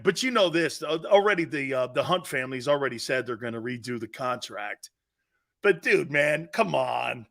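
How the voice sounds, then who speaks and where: Loud, lively sports talk host. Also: male voice, mid-range voice, moderate pace, vocal fry. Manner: loud, sarcastic, shouts and laughs mid-rant. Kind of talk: sports talk radio rant.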